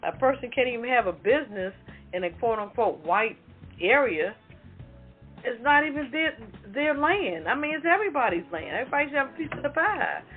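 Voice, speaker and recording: A woman's voice: a little high, very animated, brisk. A woman co-hosting a casual talk show, heated and emphatic, cussing as she talks. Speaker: co-host. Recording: tinny phone-line audio, faint music.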